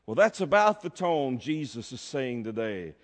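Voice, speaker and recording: Emphatic preacher in a reverberant church. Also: male voice, medium pitch, very animated. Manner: emphatic preaching, drawn-out key words. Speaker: pastor. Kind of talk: sermon. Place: church sanctuary. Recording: long reverb of a church hall.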